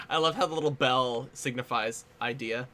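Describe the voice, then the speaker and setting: A man's voice: mid-range voice, unhurried, pushed and bright. A man hosting a casual movie commentary, chatty and playful, laughing often. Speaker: commentary host.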